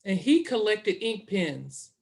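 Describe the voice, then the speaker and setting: A middle-aged woman from the Southern US speaks slowly at a medium pitch, with vocal fry. She's a chatty interview guest telling a casual story, animatedly acting out both sides and quoting herself and others in dialogue.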